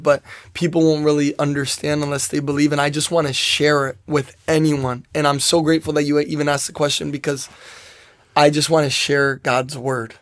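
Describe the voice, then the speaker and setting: A young man, a soccer player guest in an interview, telling a personal story in a rambling way, full of "like" and quoted asides. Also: on the high side.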